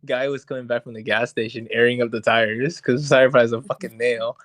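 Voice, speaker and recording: A young man co-hosting a podcast, telling a story in a casual, animated, profane way and acting out what people said. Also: medium pitch, brisk, no room sound. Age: young adult. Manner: animated, profane, acts out quotes. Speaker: podcast co-host. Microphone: podcast mic on voice chat.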